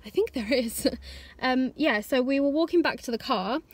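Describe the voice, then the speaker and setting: A woman's voice: sits high, normal speed, no room sound. A woman in her twenties, vlogging in a rambling, chatty way and scolding her dogs. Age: 20s. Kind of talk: casual vlog chat. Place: outdoors in woods, later at home.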